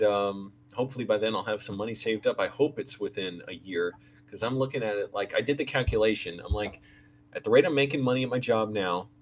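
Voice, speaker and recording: Low-voiced man rambling on a livestream. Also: slight background noise, rough recording. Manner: rambling, with many fillers and restarts. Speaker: channel host. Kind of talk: casual livestream monologue.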